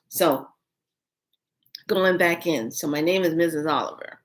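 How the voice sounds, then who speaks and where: A woman vlogger telling a story casually to camera, animated and exclaiming, with frequent fillers. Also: deep voice, measured pace, long pauses. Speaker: spiritual vlogger.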